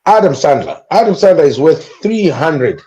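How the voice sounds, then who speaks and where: A man's voice: fairly high pitch, very animated, normal speed, dark tone, lo-fi sound. A man on a discussion panel, joking around in slangy street talk.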